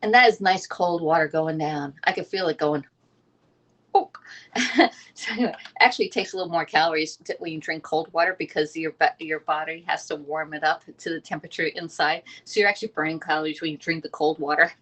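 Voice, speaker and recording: A fast-talking woman, hosting a casual live cooking stream from her home kitchen and reading viewer comments aloud. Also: deep voice, fairly bright tone. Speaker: livestream cooking host.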